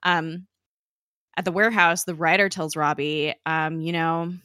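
A woman's voice: low voice, fairly even intonation, unhurried, bright, forceful tone, smooth, dry recording, studio quality. A young woman in casual chat, recapping a TV episode and paraphrasing the characters with lots of "like". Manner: chatty, peppers speech with "like", paraphrases characters' lines. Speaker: podcast host recapping a TV episode.

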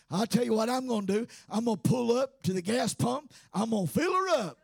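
Fervent preacher man, gravelly and high. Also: lively intonation, fairly quick, hardly any pauses, dry recording, studio quality. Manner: fervent, shouting, sing-song cadence with frequent "uh". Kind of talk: sermon.

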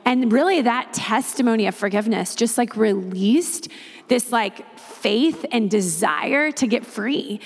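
A woman missionary tells a testimony in a fairly high voice with a gravelly, creaky edge. She talks in a lively way and keeps slipping into the voices of the people in her story. Her voice rings out in a long hall reverb. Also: unhurried. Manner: animated, retells others' words at length.

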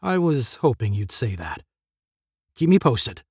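A man's voice: mid-range voice, big pitch swings, measured pace, a little mellow, breathy edge, no echo, studio quality, exaggerated voice. A man voicing a troubled but resolute male academy captain in a story, earnest in tone.

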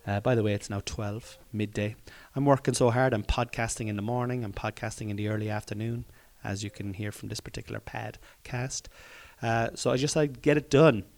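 A man's voice: fairly low pitch, steady tone, a little fast, a little mellow. A man hosting his own comedy podcast, talking in a rambling, jokey way and swearing casually, recorded in a room at home.

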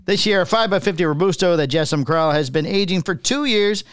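A man co-hosting a casual podcast, reading news items aloud and stumbling over names, with a relaxed chatty delivery. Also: sits high, brisk, smooth, dry recording, studio quality.

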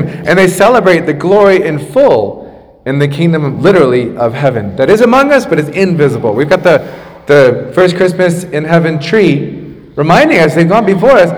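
A man in his thirties, a pastor, preaching a sermon casually, with asides and restarts, on a makeshift microphone in a church. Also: fairly high pitch. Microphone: makeshift microphone after the main one broke. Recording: long church reverb.

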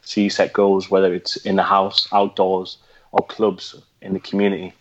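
A man with a Geordie accent, a military veteran guest, talking reflectively with many pauses and restarts. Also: low voice, monotone, dull audio. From North East England. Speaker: guest, former special forces veteran. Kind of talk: conversational interview.

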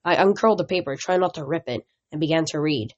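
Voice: medium pitch, quick pace, highs cut off. Amateur audiobook narrator, plain first-person reading, a few stumbles. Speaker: audiobook reader.

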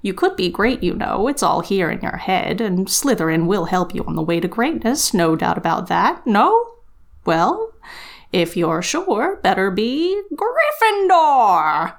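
A woman's voice: mid-range voice, big pitch swings. Woman doing a musing, small-voiced magic hat. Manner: musing, drawn-out, deliberate.

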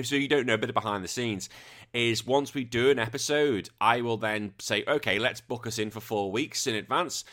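A British man talks through his podcast news in a loose, rambling monologue. He is casual and self-deprecating, and his voice sits at an ordinary male pitch. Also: bright, forceful tone. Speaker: podcast host.

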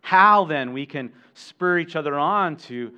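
A man's voice: a little high, animated, a little slow, clear, resonant tone, lo-fi sound. A man preaching a sermon as pastor, talking conversationally with asides to the congregation and frequent restarts.

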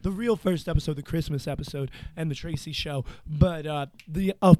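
A man's voice: a little high, normal speed, darkish tone, no room sound. A young man hosting a podcast, telling a long profane story in casual chat. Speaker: podcast host.

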